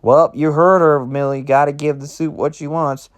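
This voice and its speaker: A man's voice: a little high, level tone, moderate pace, clear, resonant tone, lightly acted. A man voicing a tough, cheerful country pony mare who talks in a folksy, cheery way. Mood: teasing.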